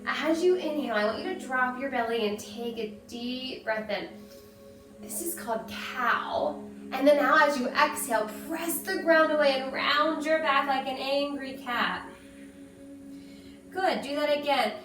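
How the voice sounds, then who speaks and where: A woman guiding a children's yoga lesson with gentle, encouraging instructions. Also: high-pitched, unhurried. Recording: echoey room, heard from a distance, with music.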